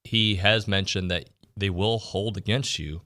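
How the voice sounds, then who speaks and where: A man's voice: on the low side, fairly even intonation, a little slow, pushed and bright, slight background noise. A man hosting a sports radio show, chatting casually about college football and often restarting his sentences. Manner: conversational, trails off and restarts.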